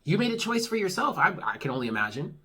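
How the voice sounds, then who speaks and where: Husky, frank tarot reader giving pep talks. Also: medium pitch, sing-song, quick pace, pushed and bright. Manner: frank, swears casually, reassuring and pep-talking; laughs at own jokes. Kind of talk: casual monthly tarot reading to camera.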